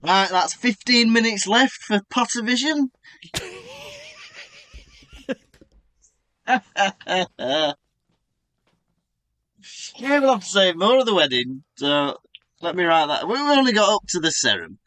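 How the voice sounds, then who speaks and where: A man's voice: high-pitched, huge pitch swings, takes it slowly, pauses often, bright, forceful tone, poor audio. A man co-hosting a podcast, playfully teasing his co-host and summing up a book chapter. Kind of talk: casual chat and chapter summary.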